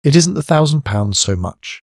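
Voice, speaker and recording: A wry young English gentleman, quick and lightly ironic, as a male narrator lifts his voice for him. It sits higher than the narration and stays dry and close. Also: very animated, no room sound.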